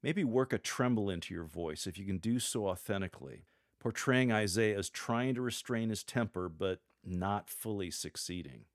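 A man coaching church lectors in a measured, scripted teaching style, reading sample lines aloud to show how they should sound. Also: fairly low pitch, dry recording, studio quality.

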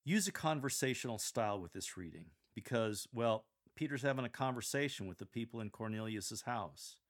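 A man coaching church lectors, explaining and demonstrating how to read a scripture passage in a measured, explanatory way. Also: mid-range voice, animated. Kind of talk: instructional coaching on scripture reading.

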